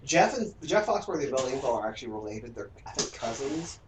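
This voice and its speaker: A man's voice: medium pitch, big pitch swings, fast talker, slight background noise. Southern man, talky streamer who jokes, echoey room, far from the mic. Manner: chatty, lecturing, jokey. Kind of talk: casual chat. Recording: roomy echo from a distance.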